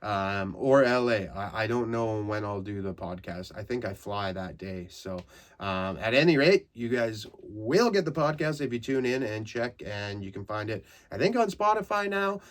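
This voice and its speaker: A man's voice: on the low side, moderate pace. Crude rambling man hosting a comedy podcast. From Canada. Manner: crude, rambling, laughs through his stories. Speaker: podcast host. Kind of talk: casual comedic monologue.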